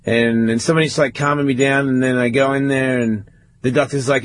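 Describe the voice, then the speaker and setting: A man's voice: medium pitch, fairly quick, no echo. A man, casually telling a story on a podcast and swearing often. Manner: swearing often, animated retelling.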